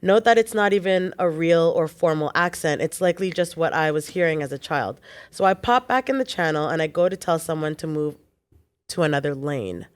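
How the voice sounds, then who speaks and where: A woman co-hosting a chat show, reading a listener's post aloud with quick casual asides. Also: deep voice.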